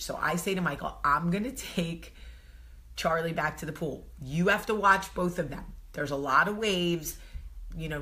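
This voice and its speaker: A woman in her thirties with a New Jersey accent, telling a story to camera in a casual vlog, animated and often laughing. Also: on the low side. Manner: animated, swings to loud exclaiming, laughs often. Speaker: vlog host.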